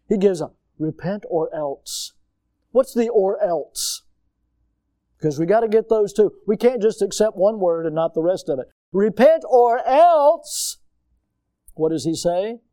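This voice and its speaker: Animated high-voiced male preacher. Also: dry recording, studio quality. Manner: animated preaching, acting out quoted voices, sudden loud outbursts. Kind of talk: sermon.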